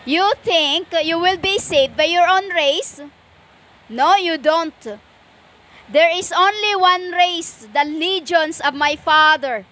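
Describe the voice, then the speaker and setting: Woman, stern lecturing preacher; very slow, halting delivery, bright tone. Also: extremely high pitch. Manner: stern and lecturing, slow with many pauses and fillers. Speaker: self-styled preacher. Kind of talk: impassioned spiritual monologue.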